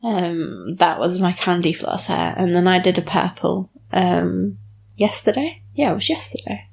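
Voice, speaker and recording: A woman's voice: lowish voice, expressive, unhurried, gravelly, a little mellow. Frank young woman, casual podcast guest. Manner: frank, self-mocking, laughs often. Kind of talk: casual chat.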